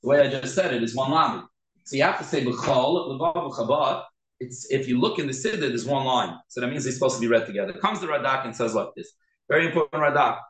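A man's voice: mid-range voice, expressive, fast talker, a bit bright. Guy giving a torah class in an echoey room, earnest, keeps repeating himself. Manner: earnest, repeats and restarts words, stresses pronunciation.

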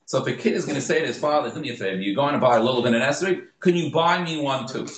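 Male teacher leading a Talmud class, animated delivery, recorded in a roomy space. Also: medium pitch, rapid-fire. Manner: lively, explains and acts out examples. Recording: echoey room.

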